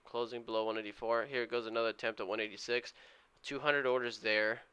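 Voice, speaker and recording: A man's voice: mid-range voice, little pitch movement, brisk, bright, forceful tone, clear, resonant tone, muffled recording. A man streaming his day trading live, giving a running play-by-play and urging the price moves on to his viewers. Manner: eager, urges price moves on.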